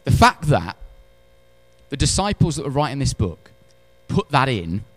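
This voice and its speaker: A man preaching a sermon in church, animated, swinging between loud emphatic lines and hushed ones, with wry humorous asides. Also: medium pitch, measured pace, no room sound. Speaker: pastor.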